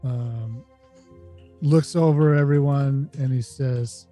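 Slow, halting male game master. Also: medium pitch, steady tone, dark tone. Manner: halting, many fillers and restarts. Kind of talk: narrating a tabletop game. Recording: dry close mic, faint music.

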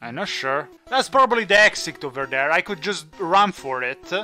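Bright, animated non-native gaming man. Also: fairly high pitch, normal speed, faint music behind. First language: not English. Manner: chatty, jokey, thinks aloud. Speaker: gaming channel host. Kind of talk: let's play commentary.

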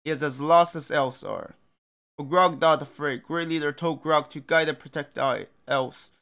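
A man's voice: fairly high pitch, fairly even intonation, normal speed, gravelly, a bit bright. A man voicing a loyal, humble male troll who talks in broken speech and calls himself by name. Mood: earnest.

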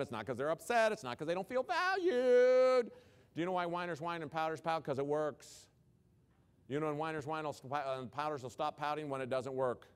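A man delivers a humorous conference keynote in a fairly high voice. He keeps it animated and keeps putting questions to the audience. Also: clean tone. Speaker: keynote speaker.

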